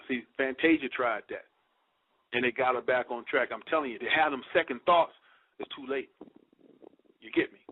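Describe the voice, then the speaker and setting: Preachy man on a tinny line. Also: mid-range voice. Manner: emphatic, preachy, slangy, repeats points. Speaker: speaker addressing listeners. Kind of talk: conspiracy lecture. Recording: dry tinny phone-like sound.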